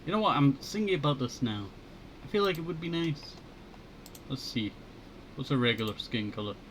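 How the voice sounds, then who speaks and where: A man chatting casually while drawing on a headset mic, thinking aloud in a low-key mutter. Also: expressive, normal speed, fairly bright tone, slight background noise. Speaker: streamer.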